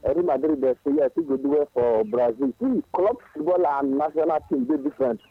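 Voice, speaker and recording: A man's voice: fairly high pitch, fairly quick, gravelly, no echo. A man with a Nigerian accent calling a radio sports show, talking in enthusiastic, boastful Pidgin. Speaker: caller. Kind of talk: animated Pidgin call-in. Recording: phone line.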